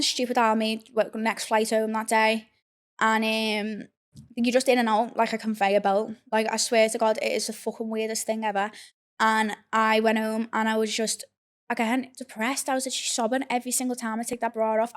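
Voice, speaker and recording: A young woman, telling a personal story in a candid, blunt way with plenty of swearing and fillers. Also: on the high side. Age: young adult. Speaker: podcast host. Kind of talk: casual confessional storytelling.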